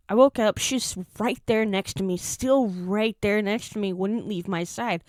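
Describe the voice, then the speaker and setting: A woman's voice: mid-range voice, unhurried, few pauses, a little mellow, no room sound, studio quality. Rambling young woman telling a story. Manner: rambling, repeats words and restarts sentences. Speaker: vlogger. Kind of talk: casual storytime chat. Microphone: desk microphone.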